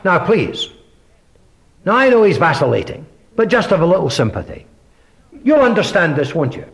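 Male preacher, higher-pitched and very lively delivery, emphatic sermon style with hushed asides. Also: moderate pace, gravelly. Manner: emphatic, rhetorical questions, swings from loud to hushed.

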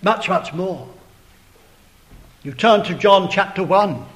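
A man preaching a sermon in a slow, dramatic way, swelling to loud emphatic peaks and sinking to hushed tones. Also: high voice, rough recording. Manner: addresses listeners as brethren, beloved brother.

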